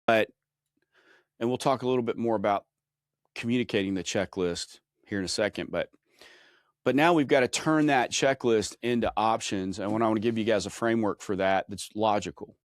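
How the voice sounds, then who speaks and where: A man's voice: on the low side, normal speed, no room sound, clean studio sound. A man hosting a trade-training podcast, explaining with energy and frequent restarts. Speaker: podcast host. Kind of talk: instructional podcast chat.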